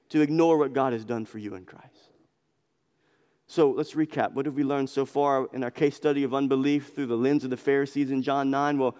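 A man's voice: mid-range voice, a little mellow. A man preaching an expository sermon in a church, talking with emphatic passion and repeating phrases for emphasis. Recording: long reverb of a large hall.

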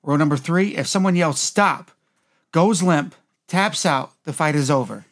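A man chatting casually about a movie, animated as he lists things off. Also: fairly high pitch, moderate pace.

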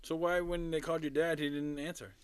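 A woman's voice: sits low, little pitch movement, a little fast, smooth. A woman listening in a casual chat, reacting with short interjections and questions.

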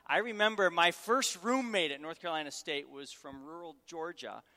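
In a big hall whose long reverb follows each phrase, a middle-aged guest preacher from Syracuse, New York, speaks at normal speed. His voice is a little high, bright and forceful, and he teases the crowd humorously while engaging them with questions.

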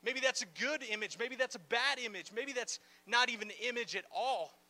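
A man delivers a sermon in a strikingly high voice with a sharp, bright edge. He talks to the congregation in a loose, conversational way, full of playful asides and "like" fillers, and stays animated throughout. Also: moderate pace. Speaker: pastor. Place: church gathering in a large room.

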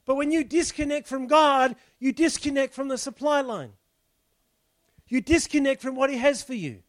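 The recording is dry, capturing a pastor with a very high voice speaking at a normal speed. In a chatty sermon, he walks through the text and puts rhetorical questions to the congregation.

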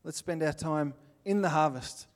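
A man's voice: on the high side, moderate pace. An Australian man giving an earnest, plainspoken sermon, with little acted-out scenes. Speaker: pastor.

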